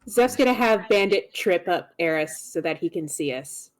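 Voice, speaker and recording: A woman player in a tabletop game, speaking calmly and earnestly. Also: on the low side, normal speed. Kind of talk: playing a character in a tabletop game.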